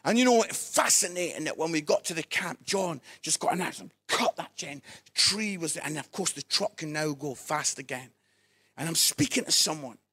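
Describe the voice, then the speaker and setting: A man with a bright, high-pitched voice preaches a lively storytelling sermon. He is playful and animated, laughing along with his own anecdotes before turning them into a lesson. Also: moderate pace, slightly rough.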